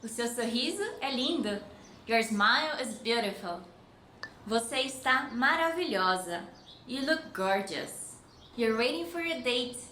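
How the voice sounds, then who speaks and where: A woman with a Brazilian accent teaching Portuguese phrases in English, with clear, friendly explanations and slowly spoken model phrases. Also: fairly high pitch, a bit bright. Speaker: language teacher. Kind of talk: language lesson with example phrases. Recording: echoey room with faint noise.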